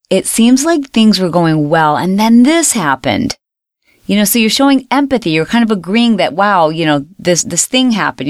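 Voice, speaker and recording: A woman's voice: lowish voice, dry recording, clean studio sound. A woman hosting a self-help podcast, coaching listeners and repeating example phrases aloud. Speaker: podcast host.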